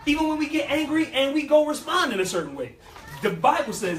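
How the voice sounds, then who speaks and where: Brief: a high-pitched New man with a lively, folksy preaching style, recorded from a distance in an echoey room. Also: fairly quick. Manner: animated, folksy, with vernacular asides and repeats. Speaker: speaker at a youth life-skills session. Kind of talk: motivational talk with preaching flavor.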